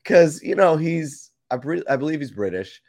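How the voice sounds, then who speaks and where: A man's voice: on the high side, expressive, normal speed, darkish tone, no echo. A man, a father, chatting casually on a podcast and telling anecdotes, acting out what people said. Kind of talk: casual chat.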